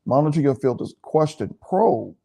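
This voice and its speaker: Animated, preachy man co-hosting. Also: fairly high pitch, moderate pace, creaky, breathy edge. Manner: repetitive, preachy, emphatic. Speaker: pastor and co-host. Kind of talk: relaxed teaching chat.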